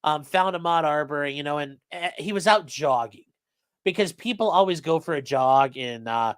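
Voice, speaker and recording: A man's voice: on the high side, normal speed, no echo, studio quality. A man co-hosting a livestream, reading sponsor spots in a rambling, sarcastic, joking way and talking straight to the chat. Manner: sarcastic, rambling, deadpan jokes addressed to chat.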